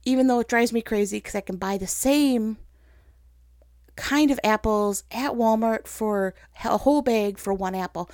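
With a fairly high voice and a moderate pace, a woman leads a casual faith chat in a dry, studio-quality recording. Her storytelling is animated and chatty, with self-teasing and her own thoughts performed in voices.

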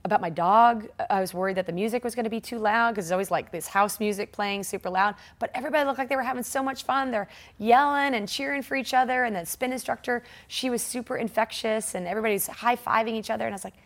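A woman in her forties telling a personal story in a conversational interview, animated and laughing often as she acts out the voices of people in it. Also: on the high side, fast, few pauses. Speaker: guest, triathlete.

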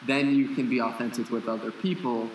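A man's voice: mid-range voice, steady tone, fairly quick, reverberant, a little hiss or hum, poor audio. A man co-hosting a casual podcast, talking frankly and bluntly, with casual swearing. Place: lives in Costa Rica.

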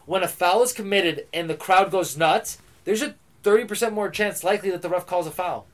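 A man's voice: sits high, brisk. A man in casual podcast chat, brash and opinionated, swearing freely as he argues his point.

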